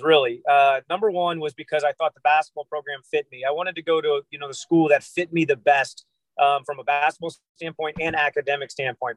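American guy in his 30s, kinda high voice, chatty storyteller, dry sound from a car. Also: no room sound, rough recording. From United States. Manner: lively storyteller who acts out quotes. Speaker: guest, basketball trainer. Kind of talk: casual podcast interview. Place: inside a car.

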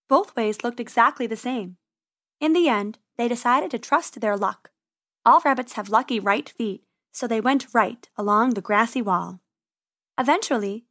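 A woman reading a children's story aloud in a gentle, expressive way. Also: fairly high pitch.

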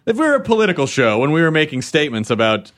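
Podcast guy talking fast, swears a lot, rants about internet comments. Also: on the high side. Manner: profane, ranting, animated. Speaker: podcast host. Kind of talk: casual chat.

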